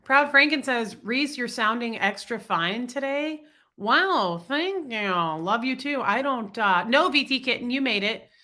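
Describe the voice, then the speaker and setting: A woman's voice: a little high, expressive, measured pace, sharp tone. Congested woman chatting on a livestream. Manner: chatty, greets viewers by name. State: congested, sick voice. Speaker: livestream host. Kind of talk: casual livestream chat reading comments.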